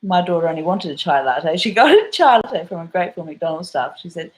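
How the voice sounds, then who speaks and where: An Australian woman vlogger tells a story in a casual vlog, rambling, swearing, and using lots of fillers. Her voice sits on the low side and is a little mellow; she's animated and brisk, and the recording quality is low.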